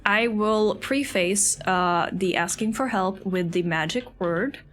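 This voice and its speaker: A young adult woman streaming a game, chatting casually and excitably, swearing freely and thanking viewers by name. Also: medium pitch, slow pace. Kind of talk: casual live-stream chatter while playing.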